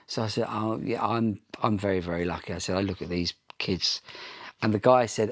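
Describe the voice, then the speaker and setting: A man's voice: fairly low pitch, normal speed. A man from Ireland, a pop singer, chatting in an interview and telling long anecdotes with frequent ums and restarts. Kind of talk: casual interview storytelling.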